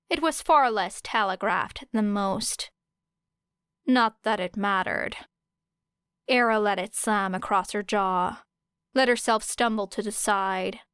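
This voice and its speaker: A woman narrating an audiobook of fan fiction in a measured, deliberate way. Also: mid-range voice, fairly bright tone, clean tone, no room sound, clean studio sound. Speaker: podfic reader.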